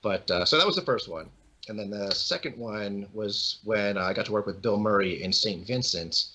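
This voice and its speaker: A man's voice: on the low side, moderate pace, low-quality recording. A young man, a guest actor, telling casual stories and acting out the voices of the people in them. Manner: animated, acts out quoted voices. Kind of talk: casual storytelling.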